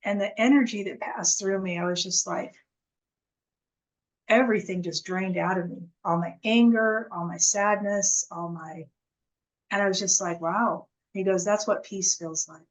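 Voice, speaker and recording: A woman as an interview guest, telling her story earnestly in a halting, casual way with many restarts. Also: mid-range voice, low-quality recording.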